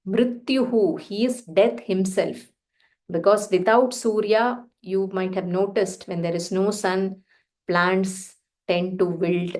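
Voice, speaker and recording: Female chanting teacher, mid pitch, slow and careful, some ums. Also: fairly even intonation, a little mellow. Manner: slow careful pronunciation drills with fillers. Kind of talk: Sanskrit chanting lesson.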